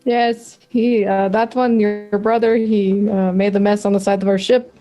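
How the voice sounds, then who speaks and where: A woman's voice: medium pitch, level tone, moderate pace, mellow, soft background music. A woman playing her character in a tabletop game, teasing and giggly in tone. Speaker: player voicing her character. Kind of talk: in-character tabletop role-play.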